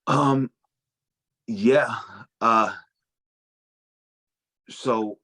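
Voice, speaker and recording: A man's voice: medium pitch, drawn-out words, fairly bright tone. A young adult man telling casual stories as a guest, swearing freely and stumbling through restarts. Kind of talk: casual storytelling.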